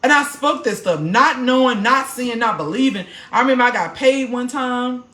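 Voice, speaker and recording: Animated preachy woman in an echoey room. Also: on the high side, normal speed. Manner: animated, preachy, talks straight to viewers. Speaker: podcast host. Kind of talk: live-stream testimony and storytelling.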